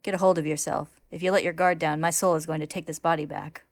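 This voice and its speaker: A woman's voice: low voice, fairly even intonation, quick pace, dry recording. Woman playing a stern scolding young man. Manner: scolding, demanding.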